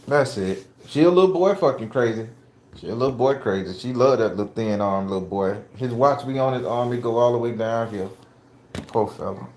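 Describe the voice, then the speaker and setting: A man's voice: fairly low pitch, a little hiss or hum. A blunt, profane middle-aged man talking casually to his viewers, laughing easily. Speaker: spiritual vlogger and father. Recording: echoey room.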